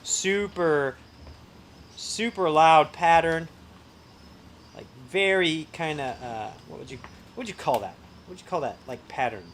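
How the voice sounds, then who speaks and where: A man's voice: fairly high pitch, measured pace, pauses often, a bit bright, a little hiss or hum. A man hosting a live reptile sale, chatting casually and enthusiastically about the animals. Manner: upbeat, enthusiastic, admiring. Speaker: livestream host selling reptiles. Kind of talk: casual live sales chat.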